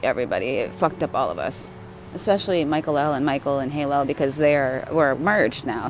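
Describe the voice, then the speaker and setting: A woman telling a personal spiritual story in a rambling, casual way, swearing often and asking "right?". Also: low-pitched. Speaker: spiritual vlogger.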